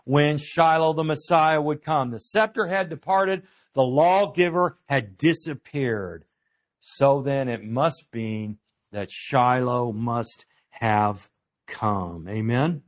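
A man preaching a sermon as a Bible teacher, earnest, stressing key words slowly, with frequent uh fillers and rhetorical questions to his listeners. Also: medium pitch.

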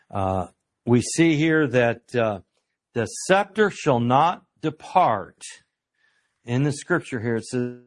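A man preaching a sermon as a Bible teacher, earnest, stressing key words slowly, with frequent uh fillers and rhetorical questions to his listeners. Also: medium pitch.

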